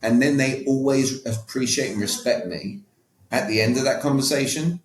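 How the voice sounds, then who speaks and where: A man's voice: medium pitch, moderate pace, echoey room. A man being interviewed as a podcast guest, who talks in an emphatic, coaching way and keeps checking that the listener follows. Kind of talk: conversational interview.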